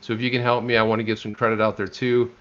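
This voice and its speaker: American guy cohosting a live stream, rambly and animated, restarts a lot, kinda muffled audio. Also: mid-range voice, racing. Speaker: co-host. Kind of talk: casual live-stream chat.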